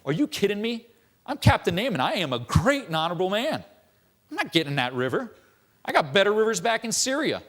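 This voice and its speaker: A man's voice: sits high, big pitch swings, brisk, a bit bright, voice pushed up, full character voice. A man voicing an indignant, proud male army captain who blusters at being told what to do. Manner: blustering, offended.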